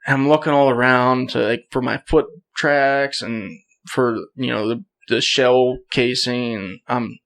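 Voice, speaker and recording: A young man tells a story as a podcast guest, casual and animated. He acts out quoted lines and laughs often. His voice sits in an ordinary middle range. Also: medium pitch.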